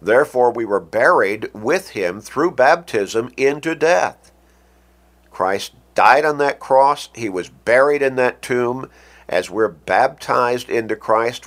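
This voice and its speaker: A man with a fairly low voice preaches a radio sermon. He speaks slowly and deliberately, leaning hard on key words as he quotes scripture. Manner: emphatic, slow and deliberate, quoting scripture.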